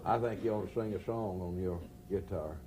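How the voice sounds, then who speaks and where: A man's voice: low voice, steady tone, brisk, mellow, slight background noise. A man, an evangelist prompting his partner on stage with eager, chuckling questions. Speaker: evangelist and co-host. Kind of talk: live comic chat on stage.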